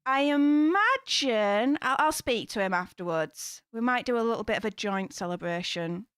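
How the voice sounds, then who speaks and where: A woman's voice: on the high side, expressive, normal speed, fairly bright tone, smooth, no echo. A woman hosting a casual live stream, gushing with thanks to her viewers.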